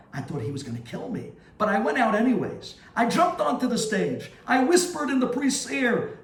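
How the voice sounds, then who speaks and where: Casting: male rabbi, slightly high voice, dramatic storyteller, echoey room. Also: recorded from a distance. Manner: dramatic, swings between hushed and excited. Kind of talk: storytelling sermon.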